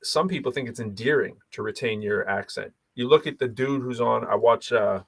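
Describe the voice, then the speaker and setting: A man from Boston with a light Boston accent, co-hosting a podcast in casual chat, telling rambling, animated stories full of restarts. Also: medium pitch, moderate pace, vocal fry, dry recording. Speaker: podcast co-host.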